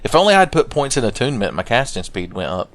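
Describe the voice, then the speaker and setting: Guy doing loose swear-y let's play commentary, really lively up and down voice. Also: medium pitch, fast. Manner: joking, profane, rambling. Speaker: gaming channel host.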